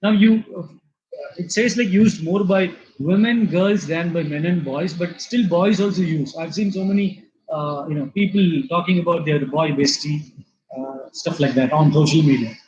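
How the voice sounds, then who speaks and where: High-voiced man lecturing on vocabulary. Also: normal speed, a little mellow, muffled recording. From India. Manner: explanatory, repeats words, many fillers. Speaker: English lecturer.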